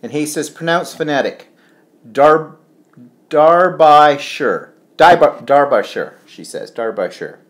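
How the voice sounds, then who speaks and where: A man's voice: on the high side, animated, unhurried. Chatty man hosting a live stream. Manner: chatty, rambling, stumbles over names. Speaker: livestream co-host. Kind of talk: casual chat reading viewer comments.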